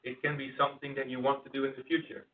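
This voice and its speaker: A man's voice: medium pitch, level tone, fast talker, slight background noise. A man giving an informal presentation at an internal company event, talking conversationally with frequent restarts. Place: meeting room. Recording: distant, phone-like tinny sound.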